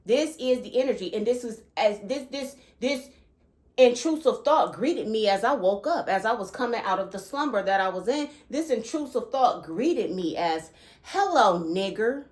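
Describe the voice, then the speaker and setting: A woman with a fairly high voice, speaking at normal speed, hosts her own channel in an earnest spiritual vlog about her spiritual experiences. She often checks in with listeners by asking "okay?" and turns animated and emphatic when recounting disturbing thoughts.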